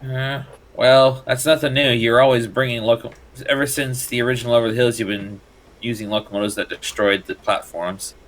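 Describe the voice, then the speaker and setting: A man's voice: medium pitch, fairly even intonation, brisk, fairly bright tone. A man co-hosting a live stream, trading teasing, dry banter with the host. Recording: noisy background.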